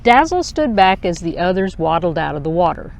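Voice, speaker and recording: A woman reading a children's picture book aloud in a slow, expressive storytelling voice. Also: lowish voice, creaky.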